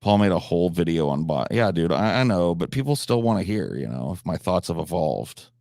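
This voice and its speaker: A man's voice: low voice, very animated, fairly quick, vocal fry, darkish tone, no echo, studio quality. A man streaming a game live, talking to his chat in a profane, mock-serious, theatrical way. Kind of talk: casual live-stream chat while gaming.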